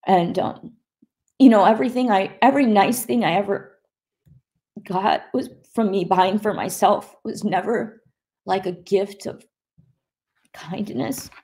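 Soft-spoken woman with a gravelly voice. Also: mid-range voice. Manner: soft-spoken, halting, with many restarts and pauses. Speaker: guest sharing her testimony. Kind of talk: emotional personal testimony.

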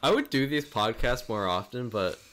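A young man chatting on a homemade podcast, his pitch bouncing up and down as he jokes. He laughs easily and keeps the talk loose and casual. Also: normal speed. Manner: laughs often, joking and animated. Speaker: podcast host. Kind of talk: casual chat.

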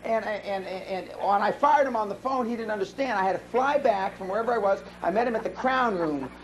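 A man's voice: high-pitched, fairly quick, a little hiss or hum, rough recording. A man giving a live seminar talk, telling brash, profane stories to the room. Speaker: seminar speaker.

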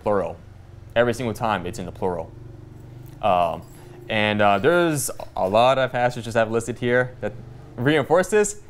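Low-voiced man teaching a church group. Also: slight background noise. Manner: halting, many fillers and restarts, reads scripture aloud. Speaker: Bible study teacher. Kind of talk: church Bible study teaching. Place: church room with a small group.

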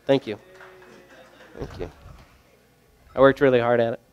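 A man's voice: mid-range voice, steady tone, unhurried, a little mellow, smooth, dull audio, faint music behind. A young man working as a brewery sales rep, telling loose, joking stories to a group with lots of fillers. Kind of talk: casual storytelling to a group.

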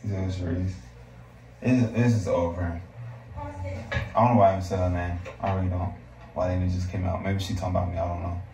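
A man's voice: sits low, flat delivery, quick pace, pauses often, warm tone. A man pranking his girlfriend in casual chat, teasing and acting innocent. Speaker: prankster vlogger. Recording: echoey room with background noise.

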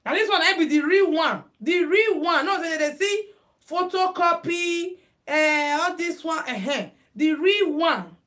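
A very high-pitched, animated voice with a bit of brightness belongs to a Nigerian woman streaming a live headwrap tutorial from her phone. Keeping a measured pace, she chats casually, weaves in Pidgin, and greets viewers by name.

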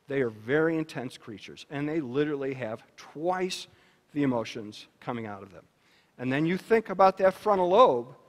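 Man, animated speaker, somewhat high voice, long reverb of a banquet hall. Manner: animated storytelling with shifts in pitch and loudness. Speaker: speaker at a luncheon. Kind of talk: educational talk to parents.

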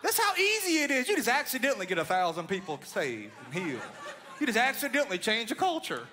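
A man delivers a sermon with impassioned storytelling. His voice sits very high for a man. His tone is bright and forceful. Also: huge pitch swings, fast talker, a faint crowd, a little hiss or hum. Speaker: preacher.

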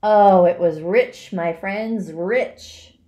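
A woman doing a husky, gluttonous storybook rat. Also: medium pitch, extremely slow, mellow, muffled recording. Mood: gloating. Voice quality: husky, hoarse. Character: gluttonous male rat, bloated, sneering.

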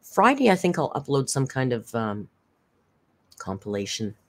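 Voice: medium pitch, sing-song, moderate pace. Brief: worn-out, chatty live-stream host; casual chat, thanks viewers, reads messages aloud. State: tired, worn down by caregiving.

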